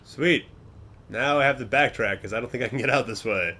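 A young man giving casual gameplay commentary, swearing often and muttering to himself, then yelling at other players. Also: mid-range voice, a little fast.

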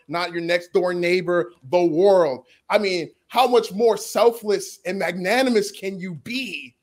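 Man arguing in an animated debate. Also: high-pitched, gravelly. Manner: rambling, emphatic, laughing. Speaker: podcast debater. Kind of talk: casual debate argument.

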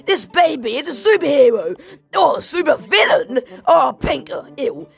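A woman hosting let's play game commentary, excitable and shouty, with mock-formal asides. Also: high-pitched, normal speed, vocal fry, faint music behind. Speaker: gaming channel host.

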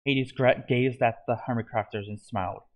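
Guy reading his fan story out loud, steady, mid-pitched, trips on a word now and then. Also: moderate pace. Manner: steady reading with small slips and restarts. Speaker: narrator.

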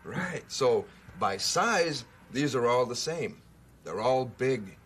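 A man's voice: medium pitch, lively intonation, slow pace, fairly bright tone, husky. A man presenting a children's show, patiently teaching a young viewer and asking questions. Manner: patient, coaxing, asks questions.

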